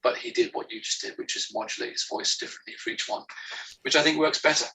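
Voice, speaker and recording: A man's voice: on the high side, huge pitch swings, fast, sharp tone, a little hiss or hum. A man interviewed as a guest author over a remote call, speaking hesitantly with many restarts and fillers. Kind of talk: conversational interview. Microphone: remote call from home. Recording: distant internet call audio.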